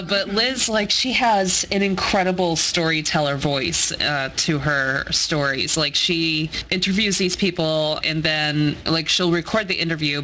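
A man's voice: fairly high pitch, bright, forceful tone, slight background noise, rough recording. A man co-hosting a podcast, chatting casually and enthusiastically, swearing now and then. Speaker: podcast co-host. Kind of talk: casual chat.

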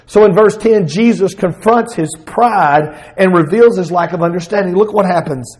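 Southern US male pastor, middle-aged, high pitched, expressive sermon delivery. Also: normal speed, low-quality recording. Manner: expressive preaching, voicing Jesus in bursts.

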